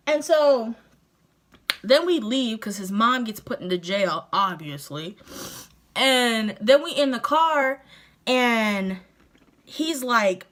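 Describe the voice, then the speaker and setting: A young woman vlogger telling a story casually while doing her makeup, animated and profane, laughing often. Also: medium pitch, slow pace, long pauses.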